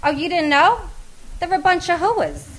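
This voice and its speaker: A loud, brassy teenage girl, put on by a woman reading a story, pitched up well above the reader's own voice. She barks and teases, and now and then hams her way into an over-the-top pirate growl. The lines come out bossy and showy. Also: huge pitch swings, normal speed, slight background noise, exaggerated voice. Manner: loud, barking and teasing, slips into a hammy pirate voice.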